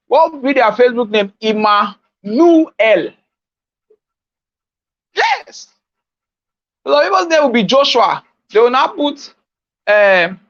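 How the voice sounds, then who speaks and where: A man's voice: very high-pitched, fairly bright tone, no echo, lo-fi sound. A Nigerian man giving an informal coaching talk on social media marketing, teasing his listeners and repeating his key points.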